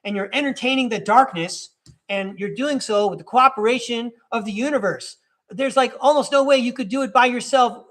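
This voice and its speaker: Here the same tarot reader and podcast host's voice sits high and sounds a bit bright. Casual and upbeat, he hosts a live reading, offering encouragement and addressing his listener directly.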